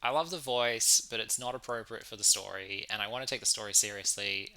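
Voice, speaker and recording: A male let's play streamer works through a narrative game, voicing the text and breaking away for chatty asides. He speaks briskly with few pauses in a lowish voice with a sharp tone. The recording is rough.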